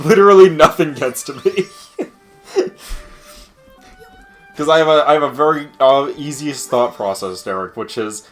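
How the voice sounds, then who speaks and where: Bright-voiced young man telling laughing stories. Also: on the high side, unhurried, pauses often, faint music behind. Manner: laughing, profane storyteller. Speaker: co-host of a gaming stream. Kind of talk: casual chat.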